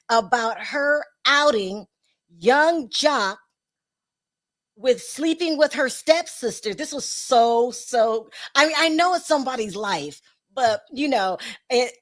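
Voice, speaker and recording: A woman hosting a casual online celebrity gossip show, chatty and quick to laugh, often restarting her sentences. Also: high-pitched, fairly bright tone. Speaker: show host.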